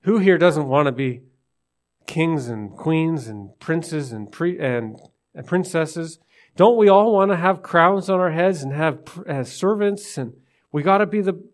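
A man preaching to his congregation, retelling a scripture story and asking listeners questions. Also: a little high. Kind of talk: sermon.

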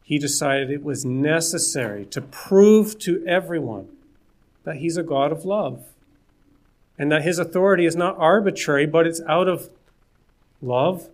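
A man preaching a sermon, with a voice that sits a little high for a man. He talks in an earnest, conversational way and breaks off for jokes and asides to the listeners.

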